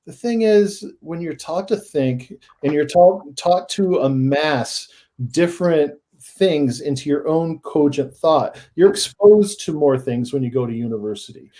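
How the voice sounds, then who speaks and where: A man guest on a paranormal podcast, telling his stories in a casual, animated way that rises into excited emphasis. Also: on the high side, measured pace. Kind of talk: casual storytelling in a podcast interview.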